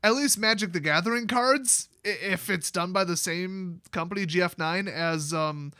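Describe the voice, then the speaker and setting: A man rants through a casual commentary video in a high, bright voice. His delivery is sarcastic and mocking. The close mic sounds dry, with no room around him. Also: normal speed, clean tone, no echo. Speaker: commentary channel host.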